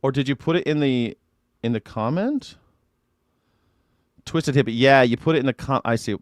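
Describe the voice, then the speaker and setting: On his casual livestream reaction show, a man with a medium-pitched voice chats with his viewers at a normal speed and curses freely. The sound is studio quality with no room sound.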